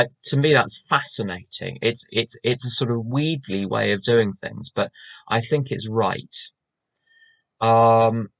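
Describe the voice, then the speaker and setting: A man from England, his voice on the low side with a fairly bright tone and no room sound, gives a chatty, wry recovery talk. He keeps making asides and restarting, all heard through slightly dull online call audio.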